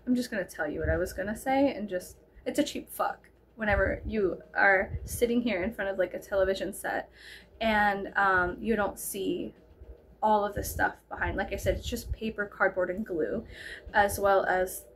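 A woman's voice: medium pitch, normal speed, a little hiss or hum. A woman vlogger with a Texan accent telling a rambling, giggly storytime, saying "like" constantly. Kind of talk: casual storytime.

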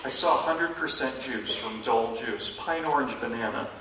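A man's voice: medium pitch, normal speed, very noisy. A man doing a stand-up comedy set, ranting with mock outrage and a lot of profanity. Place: live comedy venue. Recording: echoey room, distant mic, loud audience.

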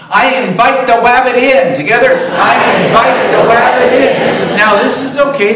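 A man's voice: on the high side, fairly bright tone, slight background noise. Male minister preaching in an echoey church. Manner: conversational storytelling with chuckles. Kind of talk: sermon. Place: church sanctuary. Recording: roomy echo, from far off, faint ambience.

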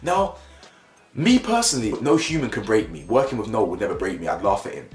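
Emphatic man in an echoey room. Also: fast. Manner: animated, emphatic, repeats phrases for emphasis, jumps up in pitch when worked up. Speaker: YouTube commentator. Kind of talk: opinion commentary vlog. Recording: echoey room with faint music bed.

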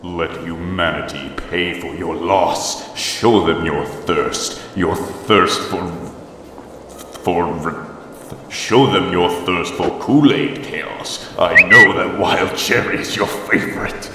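A man reading fan-dub lines slowly and deliberately, stumbling over words. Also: deep voice. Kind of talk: fan-dub blooper outtakes. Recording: very echoey room with noise.

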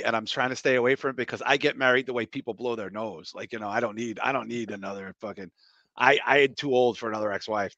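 A man's voice: medium pitch, pushed and bright, no room sound, lo-fi sound. A man hosting a casual podcast, chatting loosely and profanely, full of fillers. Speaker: podcast host.

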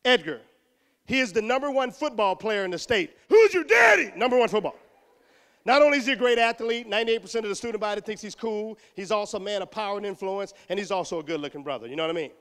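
A middle-aged man from Texas giving an animated motivational talk to students, acting out voices and shouting punchlines. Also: sits high, quick pace, clean tone. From Houston, Texas. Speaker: motivational speaker. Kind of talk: energetic motivational speech to students. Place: school auditorium. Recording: echoey hall.

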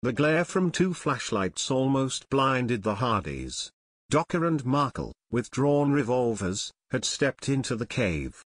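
A man reading an adventure audiobook in expressive, scripted narration. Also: medium pitch, takes it slowly, dry recording, studio quality.

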